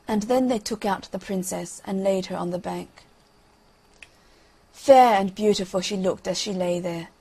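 A woman tells an old fairy tale in a measured, expressive way. Her voice is husky and breathy and sits at a middle pitch. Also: poor audio. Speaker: storyteller.

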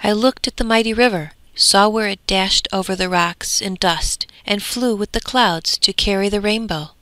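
A woman's voice: medium pitch, moderate pace, no echo, close to an everyday voice. A woman voicing the west wind as a wild, boastful young man. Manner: lively, boastful.

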